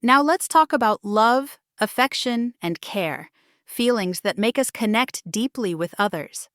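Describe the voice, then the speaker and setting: Higher-voiced woman teaching English phrases. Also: animated, fairly bright tone, dry recording, clean studio sound. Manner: models phrases slowly for shadowing, repeating each twice. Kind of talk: scripted lesson narration.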